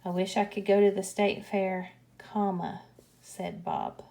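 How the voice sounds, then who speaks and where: A woman teaching a grammar lesson, explaining punctuation slowly and patiently. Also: medium pitch, fairly even intonation, gravelly, warm tone.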